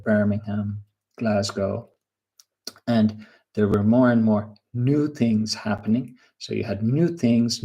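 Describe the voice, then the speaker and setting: A man's voice: on the low side, a little mellow, slightly rough. A male English teacher giving a live webinar lesson, patiently quizzing viewers and reading out their answers.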